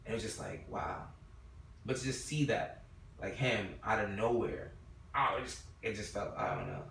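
A man's voice: lowish voice, normal speed, creaky, fairly bright tone. A man co-hosting a podcast, chatting casually in a loose, slangy way full of "like". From Brooklyn. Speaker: podcast co-host. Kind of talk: casual chat. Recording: roomy, distant mic, faint noise.

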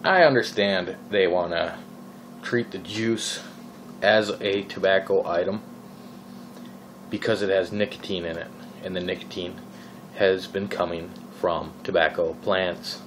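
The speaker is a male vlogger from Minnesota, USA, with a Minnesotan accent, casually rambling about vaping with many fillers and exasperated questions. His low voice keeps a steady tone and a measured pace against a noisy background.

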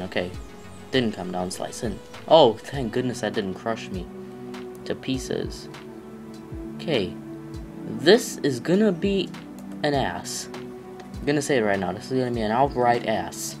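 A man doing let's play commentary, reacting loudly with yelps and groans whenever the game catches him out. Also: fairly low pitch, a little slow, over music. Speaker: gamer.

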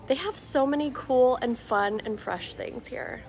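A bubbly young woman in her twenties vlogs on a handheld camera as she walks through shops and a restaurant indoors, chatting playfully. Her high-pitched voice is expressive and a bit bright, and she takes her time.

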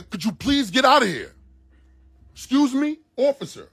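A man's voice: extremely high pitch, very animated, moderate pace, creaky, a bit bright, husky, no room sound, soft background music. A man livestreaming on his phone from the doorway of his home, talking agitatedly and repeating his pleas and demands. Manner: agitated, repetitive pleading demands. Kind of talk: live phone stream confrontation.

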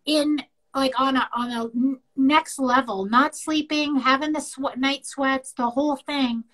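A high-pitched middle-aged woman from Canada talks in a casual podcast chat. She tells her story candidly and with energy, acting out what others said to her. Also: measured pace, poor audio. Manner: candid, animated storytelling with quoted dialogue. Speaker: podcast co-host.

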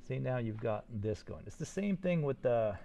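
An older man teaching a 3D modeling tutorial live, talking fast and excitedly while he demonstrates and encourages his students. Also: mid-range voice, gravelly. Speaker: 3D modeling instructor.

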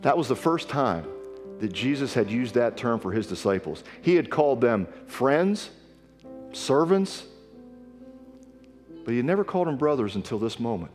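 A man's voice: mid-range voice, lively intonation, normal speed, a little mellow, long reverb tail, soft background music. A man preaching a sermon with earnest emphasis, reading scripture aloud. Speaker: pastor. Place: church sanctuary.

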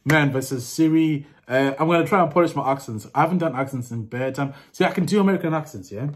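A man's voice: a little high, quick pace. A young man vlogging casually to camera, chatty and laughing, with street slang. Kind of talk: casual vlog talk to camera.

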